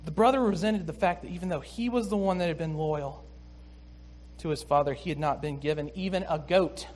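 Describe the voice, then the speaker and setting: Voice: mid-range voice, a little fast, darkish tone, slight background noise. A preacher giving a sermon, explaining a scripture passage in a conversational, emphatic manner.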